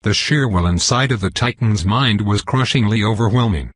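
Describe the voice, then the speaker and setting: A man narrating a dark fantasy web novel in a steady, measured storytelling voice. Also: fairly low pitch, breathy edge, no echo. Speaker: audiobook narrator.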